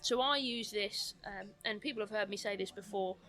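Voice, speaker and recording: A woman with a mixed British accent and a London twang, a slight lisp and a quick, animated way of talking, speaking as a guest coach mentor in a podcast conversation. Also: medium pitch.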